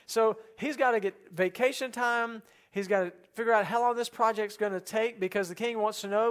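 High-voiced preaching man. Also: fairly even intonation, fairly quick, few pauses, smooth. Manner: earnest preaching, drops soft and low on quoted prayers; asks the congregation rhetorical questions. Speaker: pastor. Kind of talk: sermon.

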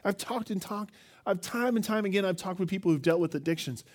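A man's voice: high voice, a little fast. A male pastor preaching a sermon, telling stories with animation and asking the congregation questions. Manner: animated storytelling, acts out quotes, asks the listeners questions.

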